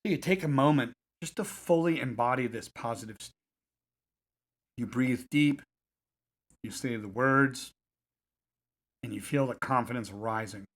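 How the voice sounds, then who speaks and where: A man guiding listeners through a self-help technique in a calm, repetitive coaching cadence. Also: mid-range voice, measured pace, long pauses. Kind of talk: guided self-help instruction.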